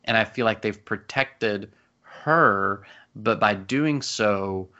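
A man in casual podcast chat, talking fast and eagerly with many restarts. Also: fairly low pitch, bright, forceful tone. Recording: dull lo-fi sound.

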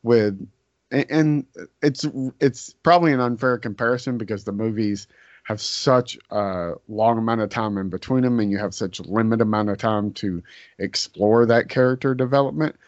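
A man in casual podcast chat, speaking slowly and deliberately. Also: on the low side, no echo. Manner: slow, drawn-out and deliberate. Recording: dry, dull lo-fi sound.

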